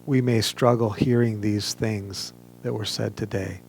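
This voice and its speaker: A man preaching a sermon as pastor, earnest and measured, with emphatic pauses. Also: fairly low pitch, steady tone, darkish tone, a little hiss or hum. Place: church, streamed online service.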